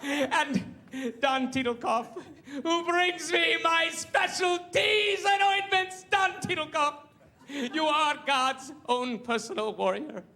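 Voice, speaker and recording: A man's voice: very high-pitched, takes it slowly, bright, forceful tone, a faint crowd, pitched above the performer's own voice, exaggerated voice. A comedian playing a pompous, self-adoring older male TV interviewer who gives a tearful, flowery acceptance speech on stage. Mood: pompous, weepy. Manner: grandiose, flowery, over-emotive speech. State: tearful, breaking down.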